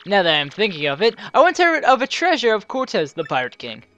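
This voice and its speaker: A woman's voice: mid-range voice, huge pitch swings, fairly bright tone, lo-fi sound, slight background noise. Woman hamming up a vain rich merchant. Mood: theatrical. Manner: grand, theatrical foreign-sounding put-on accent, slow drawn-out delivery. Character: flamboyant wealthy male merchant, vain and dramatic. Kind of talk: reading game dialogue aloud in character.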